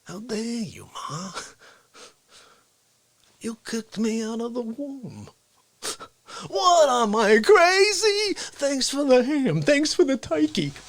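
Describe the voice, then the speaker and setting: A man voicing a vile, brash male comic character who yells in drawn-out indignant outbursts. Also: very high voice, big pitch swings, no room sound, voice pushed up, exaggerated voice. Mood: outraged.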